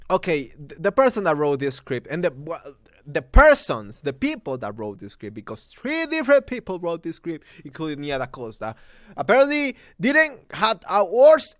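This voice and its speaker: A man's voice: high-pitched, big pitch swings, normal speed, a bit bright, dry recording, clean studio sound. A man from Mexico, hosting a movie review and ranting heatedly with heavy swearing.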